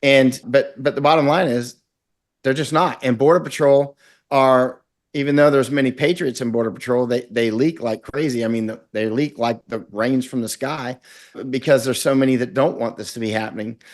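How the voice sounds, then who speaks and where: A man's voice: medium pitch, fairly even intonation, moderate pace. A middle-aged man from Florida, a guest in an interview, talking in an intense, rambling way and acting out quotes. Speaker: guest, war correspondent. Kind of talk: conversational interview.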